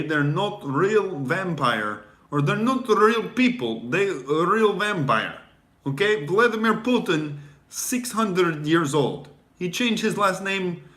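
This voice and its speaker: A man's voice: on the high side, a bit bright, echoey room, voice pushed up. A comedian voicing a scheming, centuries-old male Russian vampire in a put-on Russian accent, gloating and menacing. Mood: mock-serious.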